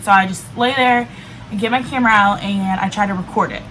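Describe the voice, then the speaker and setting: A woman in her twenties casually tells a personal story to camera as a vlogger, speaking fairly quickly in a medium-pitched, fairly bright voice and filling her chatty talk with "like." The audio is poor, with faint background noise and the level cutting in and out.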